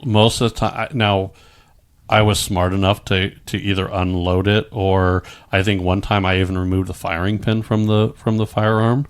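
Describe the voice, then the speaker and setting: Middle-aged man, lowish voice, casual storytelling, stammers and restarts, swears freely. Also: level tone, moderate pace, smooth. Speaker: guest telling his story.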